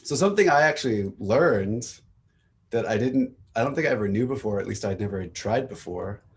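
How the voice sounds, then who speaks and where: A man's voice: on the low side, lively intonation, brisk. A man hosting a casual technical book club on a video call, thinking aloud and laughing often.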